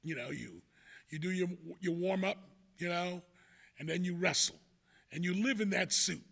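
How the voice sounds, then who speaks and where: A man's voice: high-pitched, normal speed, creaky, a bit bright. A man in his sixties with a New York accent tells an old school story in a casual, rambling way, with lots of "you know" asides. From New York City, the Bronx.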